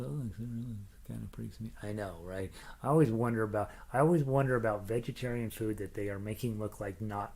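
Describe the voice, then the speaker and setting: A middle-aged man hosting a live ukulele class, reading viewer comments aloud in a loose, chatty way. His talk is full of fillers, small restarts and jokes, at an average pitch. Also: a little mellow. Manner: chatty and jokey, lots of fillers, breaks into laughs and snatches of song. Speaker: ukulele teacher greeting class chat. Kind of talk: casual livestream chat reading comments.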